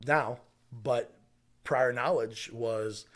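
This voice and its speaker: A man from Wisconsin co-hosting a casual podcast, his voice sitting a little low. He rambles loosely, leaning on fillers as he works through his notes. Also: a little slow. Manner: relaxed, rambling with many fillers. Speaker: podcast co-host.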